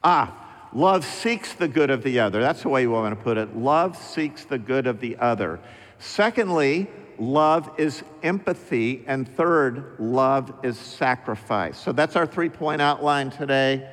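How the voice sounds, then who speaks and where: Middle-aged guy preaching, slow emphatic refrains, long echo in the church hall. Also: medium pitch, expressive. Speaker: pastor. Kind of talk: sermon. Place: church sanctuary.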